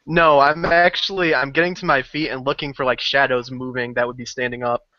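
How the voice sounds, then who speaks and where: Bright-voiced male player, animated. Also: medium pitch, brisk, dry recording. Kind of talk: casual chat. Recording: dull lo-fi voice call audio.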